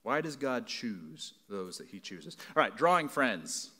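A man's voice: mid-range voice, very animated, a little slow, pushed and bright. A man preaching a sermon as pastor, earnest and conversational, building emphasis through repeated phrases and frequent asides to the congregation.

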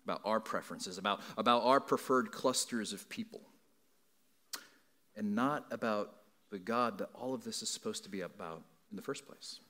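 This male pastor's voice is fairly low and sharp in tone, moving at a moderate pace. Earnest yet conversational, he drives his sermon home through repetition and keeps breaking off to speak directly to the congregation.

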